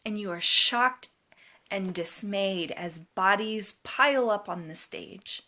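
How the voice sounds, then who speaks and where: Woman, inspirational storyteller, very slow delivery, bright clear tone, deliberate emphasis. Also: mid-range voice. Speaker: college advisor.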